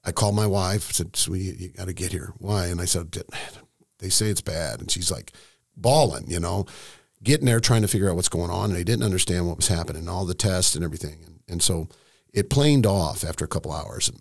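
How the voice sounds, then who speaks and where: Middle-aged man, deep and gravelly, halting emotional storyteller, dry sound. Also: no room sound. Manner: emotional, halting, many restarts. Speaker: estate planning seminar host, guest. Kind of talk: candid storytelling in conversation.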